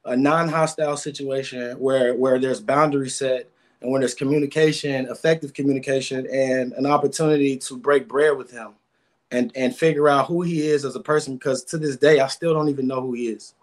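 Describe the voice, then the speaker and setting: A man's voice: medium pitch, fairly even intonation, fairly quick. A man guest giving emotional, rambling interview answers, often repeating words.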